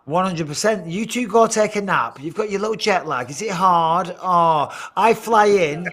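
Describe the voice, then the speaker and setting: British fight analyst, vivid bright voice, pitched a bit high, boasting on a video call. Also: male voice, expressive, normal speed. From Britain. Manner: boastful mock-pompous ribbing. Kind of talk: teasing studio banter and fight analysis. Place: remote studio at home.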